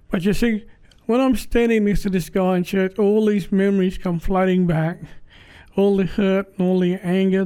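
Man, Australian accent, personal testimony, warm dark tone, earnest, halting delivery. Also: sits high, clear, resonant tone. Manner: plain-spoken, halting, earnest. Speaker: speaker giving a church testimony.

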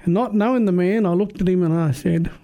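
A man's voice: high voice, a little fast, dark tone. A man preaching and giving his personal testimony in an earnest, emphatic, plain-spoken way. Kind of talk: testimony sermon.

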